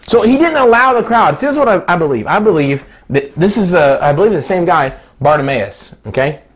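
A man in his thirties preaching a sermon, animated and laughing often, jumping to high excited tones. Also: brisk.

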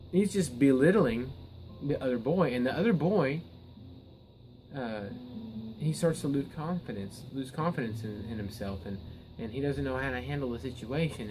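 Male preacher, mid-range voice, earnest teaching sermon with stumbling restarts that build to forceful emphasis. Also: mid-range voice, poor audio. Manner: earnest, repeats words and restarts, rises to emphatic peaks.

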